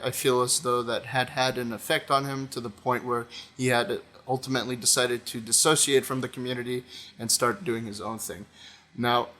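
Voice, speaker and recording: A young man giving an unscripted commentary monologue, pausing often with fillers and restarting his sentences. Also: medium pitch, sharp tone. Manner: hesitant, many fillers and restarts. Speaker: video essayist.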